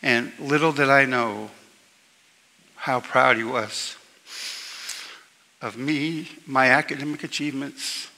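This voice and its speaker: A man giving a eulogy for his brother at a memorial service, telling personal stories in a halting way with many fillers and restarts. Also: mid-range voice, pushed and bright. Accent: Southern US slip. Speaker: eulogist, younger brother of the deceased. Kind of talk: memorial speech with personal anecdotes. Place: church hall at a memorial service. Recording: long reverb from a large hall.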